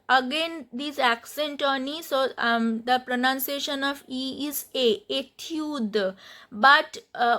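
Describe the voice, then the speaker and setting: Woman, Indian English accent, grammar teacher, unhurried delivery, repeats words aloud. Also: sits high, bright, forceful tone. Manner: slow, repeats words to drill pronunciation. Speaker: French teacher. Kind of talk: classroom grammar lesson.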